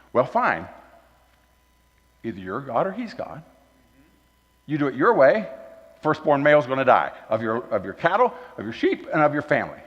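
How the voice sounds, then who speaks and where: A man preaching a folksy sermon at a church, moving between loud emphasis and quiet asides. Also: fairly high pitch, sing-song, moderate pace, long pauses. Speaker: guest speaker at a church. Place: church hall. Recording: dull recording with long hall reverb.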